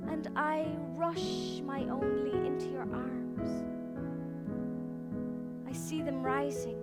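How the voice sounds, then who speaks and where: A woman's voice: sits high, fairly even intonation, pitched above the performer's own voice. A woman reading the voice of a weary aging river-woman flowing out to the sea, in a lilting, incantatory way. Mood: wistful, sorrowful. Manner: lilting, incantatory, drawn-out phrasing. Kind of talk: literary reading over music. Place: public library event. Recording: live reading with clear music behind.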